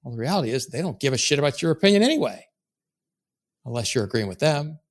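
A man with an everyday mid-range voice talks straight at his audience like a no-nonsense sales coach. He is blunt and emphatic, drops swear words without a pause, and keeps pushing the point. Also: mid-range voice, big pitch swings. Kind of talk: motivational coaching talk.

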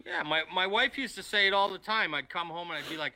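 A man's voice: sits high, fast talker, few pauses, bright, forceful tone. A man co-hosting a casual podcast, rambling and enthusiastic as he counts down a list. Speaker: podcast co-host. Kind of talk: casual chat.

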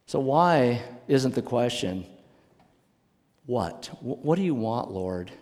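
A man preaches from the pulpit, taking his time and leaning hard on key words. His voice sits at an ordinary middle pitch. A long reverb from a large church hall trails after each phrase. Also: lively intonation, darkish tone. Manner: slow, emphatic preaching with rising and falling emphasis. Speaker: pastor. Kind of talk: sermon.

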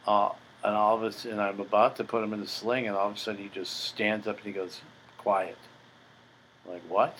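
A man's voice: on the low side, fairly bright tone, slight background noise, rough recording. An older man hosting a podcast, telling a story in a blunt, profane, boastful way. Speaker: podcast host. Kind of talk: casual storytelling monologue.

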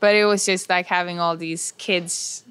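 A woman's voice: fairly low pitch, steady tone, moderate pace, a bit bright, clear, resonant tone, no echo. A woman chef as an interview guest, giving sincere advice in a hesitant way, restarting her sentences often. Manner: hesitant, with frequent restarts and filler "uh". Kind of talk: casual conversational interview.

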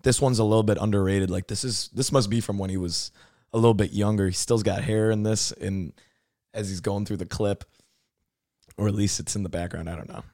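A man's voice: lowish voice, fairly even intonation, brisk, warm tone, no echo, studio quality. A man hosting a reaction video in casual chat, swearing and saying dude a lot.

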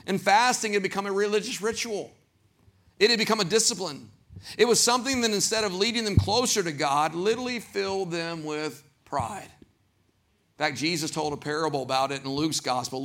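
A Southern pastor preaches with animated energy, slipping into little voices for the people he quotes. His voice sits high for a man and carries a gravelly edge. The tone is bright and forceful, pushing every line out to the congregation. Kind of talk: sermon.

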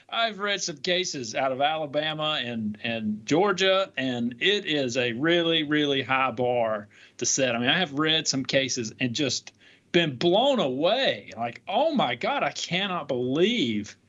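A man, a defense lawyer co-hosting a podcast, talking in an animated, chatty way with lots of hedging fillers. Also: mid-range voice, measured pace. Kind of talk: conversational legal podcast discussion. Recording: dull lo-fi audio with faint noise.

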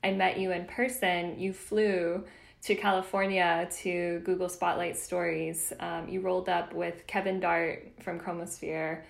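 Gushing woman podcast host, gravelly edge. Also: on the low side, level tone, measured pace, reverberant. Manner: effusive, gushing, laughs often. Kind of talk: casual interview podcast. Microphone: video call mic.

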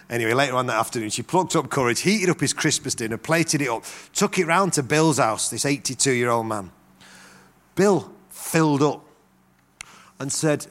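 Lively preacher telling stories. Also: male voice, medium pitch, normal speed. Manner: animated storytelling with acted-out quotes. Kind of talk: sermon.

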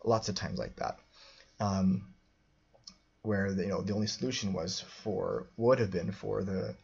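A man's voice: low-pitched, animated, measured pace, vocal fry, a little mellow, highs cut off. A man telling a personal story as a podcast host, rambling with many restarts and fillers.

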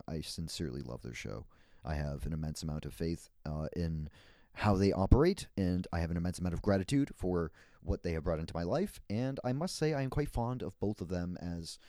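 Low-voiced man, warm mellow tone, dry close mic, rambling playful podcast host. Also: dry recording. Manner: meandering, playful, with frequent laughs and restarts. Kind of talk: rambling solo podcast monologue.

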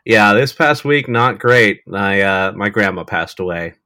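Bright, expressive podcast co-host. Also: male voice, fairly low pitch, measured pace, no echo, studio quality. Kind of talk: casual chat.

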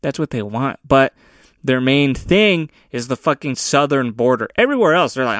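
A young man of Mexican descent ranting casually on his own, profane and often laughing, with loud bursts of emphasis. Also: mid-range voice, sing-song, normal speed, no room sound, studio quality. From of Mexican descent, USA. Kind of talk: casual solo rant.

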